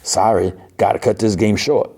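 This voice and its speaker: A man voicing a cocky male card-playing mutant gambler in his own low, dark voice while recapping an episode on a podcast. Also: normal speed, husky. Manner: smug, gambling talk.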